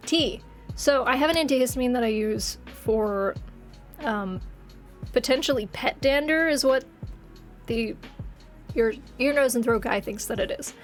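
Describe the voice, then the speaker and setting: A game streamer in her late twenties chats casually with her viewers, rambling and laughing often. Her voice sits high, and her throat sounds slightly congested and phlegmy.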